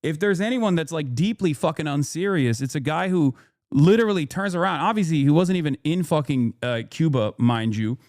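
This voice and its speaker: A man's voice: a little high, expressive, brisk, darkish tone, dry recording, clean studio sound. A man in his thirties streaming a profane, angry rant, retelling a run-in and quoting people in raised voices. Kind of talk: profane ranting commentary.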